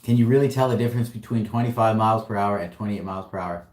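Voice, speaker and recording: A man's voice: fairly low pitch, quick pace, a little mellow, roomy sound. A man hosting a casual livestream Q&A, upbeat and slangy, reading out viewer questions and answering them. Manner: upbeat, slangy, laughs often. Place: warehouse.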